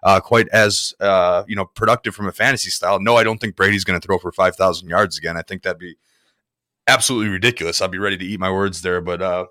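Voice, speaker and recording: A man's voice: deep voice, fairly even intonation, fast, sharp tone, no room sound, clean studio sound. A man co-hosting a sports betting podcast, talking casually and rambling with lots of fillers. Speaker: podcast co-host.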